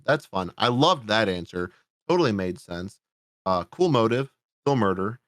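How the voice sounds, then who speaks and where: Sarcastic, swearing low-voiced man. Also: expressive, moderate pace, no echo, clean studio sound. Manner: profane, sarcastic, rambling. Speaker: podcast host. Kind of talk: casual movie review chat.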